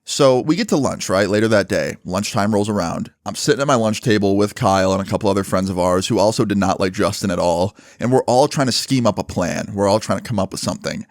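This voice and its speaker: A man casually telling a story from his school days, animated and swearing freely with lots of fillers. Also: on the low side, fast, hardly any pauses, dry recording, studio quality.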